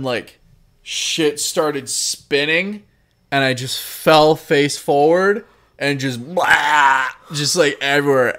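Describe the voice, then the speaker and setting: A man's voice: a little high, fairly bright tone. A young man co-hosting a podcast, telling a long rambling story in casual chat, packed with "like", swearing and bursts of laughter. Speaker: podcast co-host.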